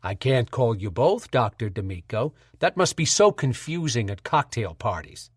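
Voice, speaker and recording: A man voicing a scheming middle-aged senator with a smooth New England accent and a patronizing manner. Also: medium pitch, lively intonation, normal speed, no echo, clean studio sound. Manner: smooth, patronizing, slyly mocking.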